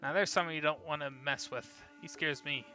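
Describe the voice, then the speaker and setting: A man's voice: on the high side, fairly even intonation, fairly quick, bright, forceful tone, soft background music. A man reading as a chatty gun shop woman. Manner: rambling, apologetic, over-sharing. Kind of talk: reading game dialogue aloud.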